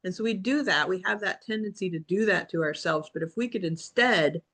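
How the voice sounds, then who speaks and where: A woman's voice: medium pitch, a little fast, a bit bright. A woman in a casual group video call, talking reflectively and rambling, often restarting and quoting herself. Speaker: book club member.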